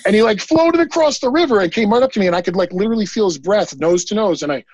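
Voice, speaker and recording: Man, podcast guest, husky voice, dry close sound, rambling, animated, casual swearing. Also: sits high, fast talker, no echo, muffled recording. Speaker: guest psychic medium. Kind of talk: casual storytelling in a podcast interview.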